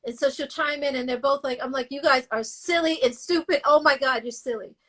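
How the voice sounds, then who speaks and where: A woman's voice: high-pitched, fairly quick. A woman guest in an interview, telling her story bluntly and with feeling, sometimes cursing. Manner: animated, emotional, blunt and cursing. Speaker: guest singer.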